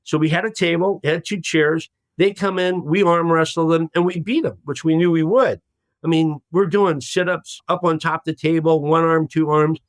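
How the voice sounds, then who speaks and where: A man in his sixties, a podcast guest telling a long story in a lively way and acting out the voices of the people in it. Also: a little high, moderate pace, no echo. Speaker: guest, former hostage.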